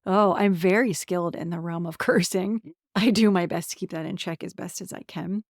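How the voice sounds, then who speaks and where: A woman's voice: fairly low pitch, steady tone, normal speed, a little mellow, no echo, clean studio sound. A woman in her forties from central Pennsylvania hosting her own podcast, talking candidly about herself and laughing often. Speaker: podcast host, somatic transformation coach. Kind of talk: personal solo podcast talk.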